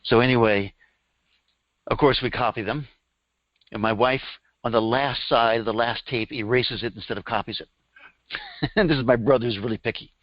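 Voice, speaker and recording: A man's voice: mid-range voice, fairly even intonation, normal speed, pauses often, no room sound. Middle-aged male workshop teacher, conversational storyteller, dry dull lo-fi recording. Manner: chatty storytelling, laughs at his own stories. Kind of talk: live workshop talk. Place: room with a live audience.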